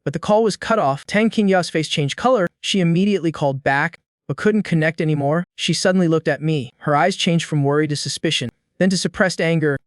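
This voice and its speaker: A male narrator tells a first-person audio story in a calm, measured way. His voice is a little high, smooth and clear. It sounds close-miked and completely dry, with no room around it. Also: no echo.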